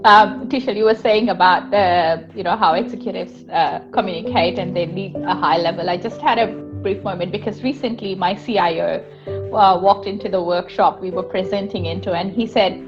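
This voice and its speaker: A woman's voice: mid-range voice, normal speed. A woman with an Australian accent interviewing a guest, chatty and laughing easily as she tells stories. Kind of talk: conversational interview. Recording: muffled sound with faint music.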